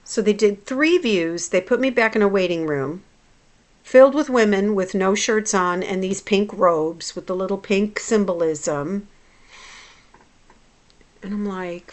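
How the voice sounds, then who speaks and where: A woman's voice: expressive, a little slow. Blunt, swearing woman telling her story. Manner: blunt and profane, swinging between low muttering and loud outbursts. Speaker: hypnotherapist. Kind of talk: personal vlog storytelling.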